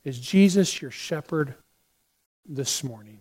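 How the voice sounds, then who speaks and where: High-voiced preaching man in a reverberant hall. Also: moderate pace. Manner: preaching with rhetorical questions, ending in prayer. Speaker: pastor. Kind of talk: sermon. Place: church sanctuary.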